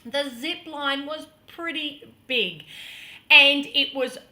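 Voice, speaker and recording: A middle-aged woman vlogger telling a personal story in an earnest, dramatic way, sometimes dropping to a hush. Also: high-pitched, slow pace. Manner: earnest, dramatic storytelling that drops to hushed tones.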